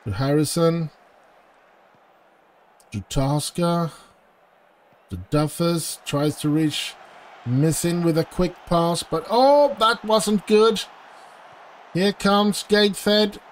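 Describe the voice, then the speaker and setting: A man's voice: a little high, slow pace, long pauses, a little hiss or hum. A man commentating his own football management game, pleading with his team and groaning at misses. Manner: anxious, pleading, groans and outbursts of frustration. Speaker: gaming channel host. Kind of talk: let's play commentary.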